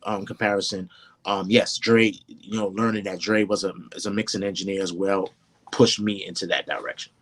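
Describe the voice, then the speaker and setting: A man's voice: low-pitched, level tone, moderate pace, a bit bright. A man, a hip hop producer and mixing engineer, talking through his craft in a casual interview, often saying "you know what I mean".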